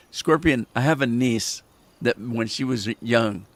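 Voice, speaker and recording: A man's voice: medium pitch, slow pace, pauses often. Rambling man streaming a farming game. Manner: rambling storyteller with restarts and chuckles. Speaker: gaming livestream host. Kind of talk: casual chat while playing.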